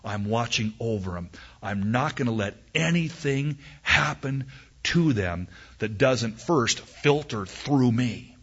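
A preacher voicing God, hushed and tender. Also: male voice, medium pitch, animated, slow pace, slightly rough, highs cut off, full character voice. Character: God speaking tenderly of his people, male.

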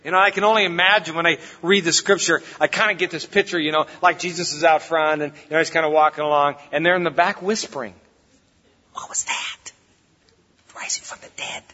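A man's voice: on the high side, fairly even intonation, fast talker, hardly any pauses, sharp tone. A man preaching a sermon as pastor, in a conversational, folksy way, recorded in a church hall. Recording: reverberant hall, dull lo-fi sound.

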